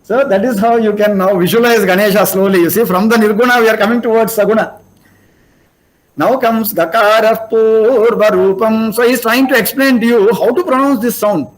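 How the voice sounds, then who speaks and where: An older man with an Indian English accent lectures on scripture in a high, steady voice at a fairly quick pace. The audio is poor. He explains things step by step and poses rhetorical questions.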